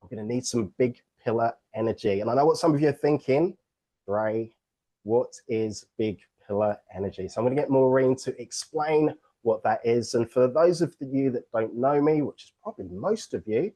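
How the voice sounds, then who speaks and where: A man's voice: medium pitch, brisk, mellow. A man from England with an English accent, hosting an online book launch on a video call in an upbeat, joking, playful way.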